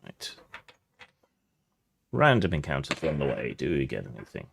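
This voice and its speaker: Low-voiced guy gm describing scenes, easygoing, lots of ums. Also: moderate pace, vocal fry, a little hiss or hum. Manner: relaxed, descriptive, many fillers. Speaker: game master. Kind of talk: narrating a tabletop game.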